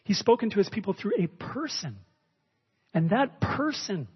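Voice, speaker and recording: A man's voice: high voice, lively intonation, normal speed, breathy edge. A man preaching a sermon in a conversational way, with fillers and restarts, often asking his listeners questions. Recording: dull sound with long reverb in a hall.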